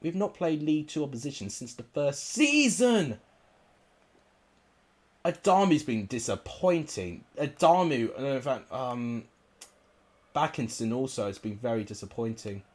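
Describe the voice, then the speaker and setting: A man's voice: mid-range voice, animated, unhurried. A young man commentating live on his football game, frustrated and exclamatory, cursing at his players. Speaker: gaming YouTuber.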